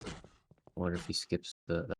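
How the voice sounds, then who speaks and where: Male co-caster, low gravelly voice, unhurried reactions, faint line noise. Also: monotone. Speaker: tournament co-commentator. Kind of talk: casual live commentary.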